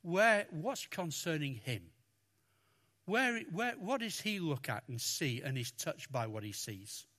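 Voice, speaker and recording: Animated, bright-voiced male preacher. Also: slow pace. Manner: expressive, animated, acts out quotes with raised pitch. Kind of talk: sermon.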